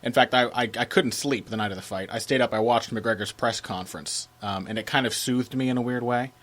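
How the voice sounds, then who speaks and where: Podcast co-host guy, casual chat, gets lively and emphatic, laughs a lot, middle pitch. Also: a little fast.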